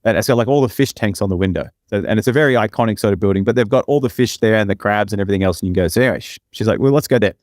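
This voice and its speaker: This is a young man's fairly low voice, racing along with few pauses as he co-hosts a podcast. He spins a long, rambling tale, casual and full of fillers and "right?" tags. The sound is studio quality with no echo.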